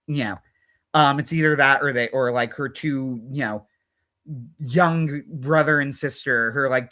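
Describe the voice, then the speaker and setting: Bright-voiced man retelling a novel casually. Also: medium pitch. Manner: retells scenes with lots of "like" and quoted back-and-forth. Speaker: livestream co-host. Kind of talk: casual chat. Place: livestream.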